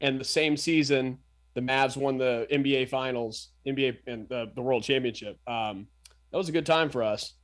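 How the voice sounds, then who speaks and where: A man's voice: mid-range voice, moderate pace. A man co-hosting a casual sports podcast, teasing his partner in playful banter. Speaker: podcast co-host.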